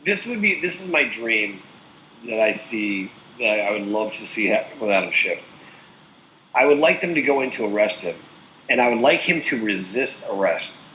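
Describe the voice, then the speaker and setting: Man, co-host, loose and rambling, bright, roomy. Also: fairly low pitch, animated, moderate pace, slight background noise. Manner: rambling, full of "like" and "uh". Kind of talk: casual chat.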